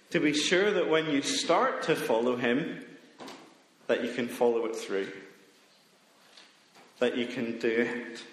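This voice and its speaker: A man preaching a playful, interactive children's talk to a church congregation, coaxing people up from the pews to act out a story. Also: mid-range voice. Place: large church hall. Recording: echoey hall with long reverb, faint noise.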